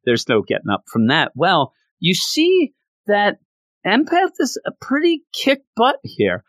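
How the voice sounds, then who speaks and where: A man giving a casual recap of a story, animated and often restarting his sentences. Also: high-pitched, a little slow, no echo. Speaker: comic book commentator.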